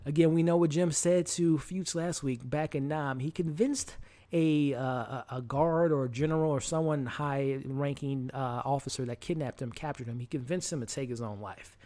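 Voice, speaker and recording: A man's voice: medium pitch, moderate pace, mellow. A man hosting a live stream, chatting casually with viewers and sometimes dropping to a murmur. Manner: chatty, talks to chat, restarts and fillers, drops to a murmur. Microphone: headset mic.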